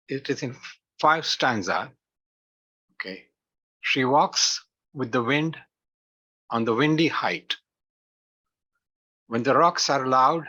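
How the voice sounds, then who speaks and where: A man slowly reciting a poem aloud at a virtual poetry meet, in a measured, deliberate way. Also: medium pitch, bright, forceful tone. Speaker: poetry reader. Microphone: video call. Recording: muffled video call audio.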